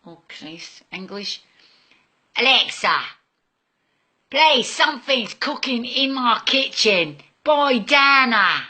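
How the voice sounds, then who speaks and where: A woman's voice: fairly high pitch, animated, slow, pushed and bright. A Scottish woman in her kitchen, swearing at a voice assistant in exasperation. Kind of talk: casual talk at home. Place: home kitchen while cooking.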